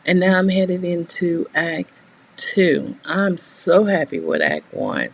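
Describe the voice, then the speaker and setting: A woman's voice: fairly low pitch, very animated, slow, vocal fry, husky, poor audio. A middle-aged woman chatting casually to her live viewers from a bedroom desk, rambling and laughing as she talks. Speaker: writing streamer. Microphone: new desk mic, not yet working well.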